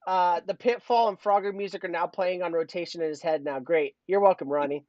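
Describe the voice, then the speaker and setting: A man's voice: high-pitched, steady tone, a little fast, a little mellow, no room sound. A man co-hosting a casual livestream chat, jokey and rambling, laughing often as he reads out the chat. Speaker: podcast co-host. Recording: dull lo-fi stream audio.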